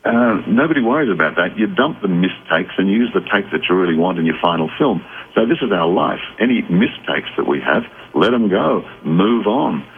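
A very low-pitched man talks slowly and reflectively as a radio guest, now and then restarting his sentences. His voice comes through a tinny phone line with a faint hiss underneath. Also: expressive. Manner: measured, reflective explaining with restarts. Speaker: psychic guest. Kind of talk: radio call-in talk.

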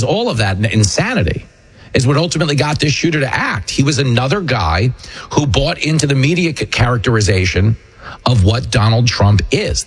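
A man with a New York accent hosting a political commentary show, talking in a mocking manner and acting out quotes in a shrill high voice. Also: husky. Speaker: show host.

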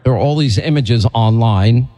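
A man's voice: medium pitch, moderate pace, long reverb tail. A man hosting a talk show, telling stories and delivering indignant commentary. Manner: animated, indignant storytelling. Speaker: TV host.

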